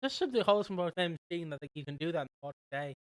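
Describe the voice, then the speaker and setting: Rambling young British man, smooth higher voice. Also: rapid-fire, dry recording. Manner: rambling, animated retelling with quoted voices. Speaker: podcast co-host. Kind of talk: casual chat recapping a soap.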